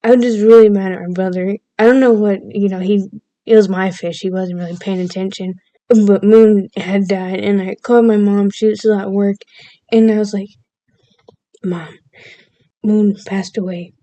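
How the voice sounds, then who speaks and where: A woman's voice: mid-range voice, fairly even intonation, normal speed, warm tone, no room sound. A woman vlogger casually telling a personal story, chatty and playfully overdramatic, laughing at herself now and then.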